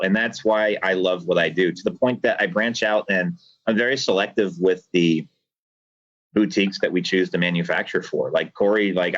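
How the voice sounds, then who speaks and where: A man's voice: deep voice, a bit bright, slightly rough, dry recording. A man, a cigar factory owner, guest on a podcast, talking at length with passion and some rambling over a video call. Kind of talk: earnest reflective monologue. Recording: dull lo-fi video call audio.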